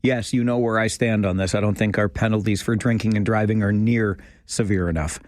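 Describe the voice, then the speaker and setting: Male talk radio host, lowish voice, dead-dry studio mic, wry banter. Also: steady tone, fairly quick, darkish tone, no echo. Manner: dry, sarcastic banter with callers.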